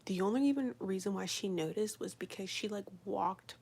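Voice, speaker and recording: A woman chats on a live stream, rambling through a story with plenty of swearing and "like". Her voice is breathy and husky, at an ordinary pitch for a woman, and now and then she drops into a hushed whisper. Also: a little fast. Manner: rambling, profane, fillers of "like". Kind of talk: casual storytelling chat.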